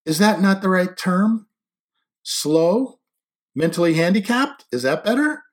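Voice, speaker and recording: A man's voice: on the high side, very animated, moderate pace, voice pushed up. A man voicing a blunt, sarcastic teenage girl in an audiobook reading, with a teasing manner.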